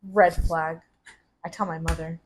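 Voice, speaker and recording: A woman's voice: deep voice, little pitch movement, unhurried, husky. A woman co-hosting a podcast, chatting casually and making wry, joking remarks. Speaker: podcast co-host. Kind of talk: casual chat.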